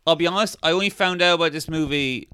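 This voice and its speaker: A man's voice: fairly high pitch, quick pace, pushed and bright, smooth, no room sound. A man co-hosting a podcast, rambling through a film plot in casual chat and often checking in with "okay?". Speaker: podcast co-host.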